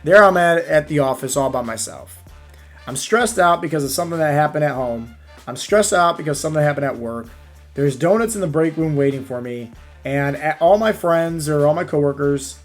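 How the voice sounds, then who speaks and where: A man speaking as a fat-loss coach in a casual motivational talk, energetic and storytelling, often checking in with the listener. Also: on the high side, brisk, soft background music.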